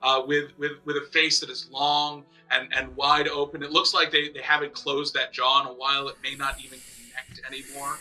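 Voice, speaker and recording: A man running a tabletop game as dungeon master, narrating lively and acting out monster screams. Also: mid-range voice, brisk, few pauses, soft background music.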